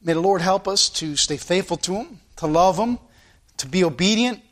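High-voiced preacher. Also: male voice, expressive, moderate pace, a bit bright. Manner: earnest preaching with sound-effect asides. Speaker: pastor. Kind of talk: sermon. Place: church.

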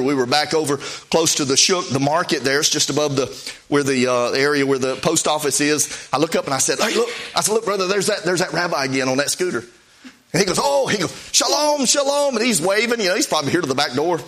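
A middle-aged male preacher tells missionary stories in a folksy, anecdotal way. His voice sits a little high for a man. He leans into acted-out snippets of conversation as he goes. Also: fast talker, a bit bright. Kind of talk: sermon storytelling.

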